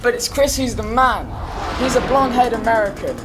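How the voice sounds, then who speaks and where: A young actress playing a brash, crude female gamer who fires off blunt questions and bursts into shouts, on a hissy stage recording. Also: a little high, a little fast, close to an everyday voice. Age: young adult. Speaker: student actor in a youth theatre play. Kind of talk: stage play performance.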